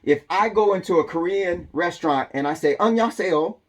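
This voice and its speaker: A man's voice: a little high, brisk. A man hosting a survival channel. He talks in a loose, casual monologue with a drawl and lots of ums.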